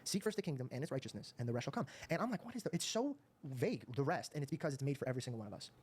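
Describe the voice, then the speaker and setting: Male podcast host, earnest storyteller, talks extremely fast. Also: medium pitch, very animated, a little mellow, breathy edge. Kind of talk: interview conversation.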